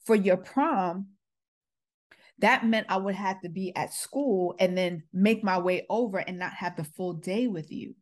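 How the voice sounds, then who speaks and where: A woman's voice: mid-range voice, a little slow. A middle-aged woman, a former school principal, earnestly telling a personal story and acting out the quoted exchanges. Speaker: podcast host, former principal.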